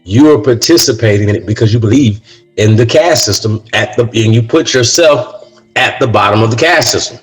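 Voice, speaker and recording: Man, talk show host, casual rant, lowish voice, keeps saying "man" and "right?", faint music behind. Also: brisk, low-quality recording. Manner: says "man" and "right?" often; gets heated. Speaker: podcast host. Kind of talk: casual monologue.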